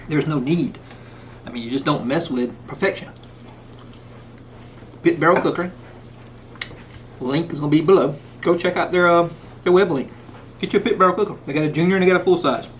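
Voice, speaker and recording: A cooking channel host with a fairly high-pitched male voice keeps things folksy and casual, sometimes speaking with food in his mouth. He starts outdoors in the rain and moves indoors, and the recording carries a little hiss or hum.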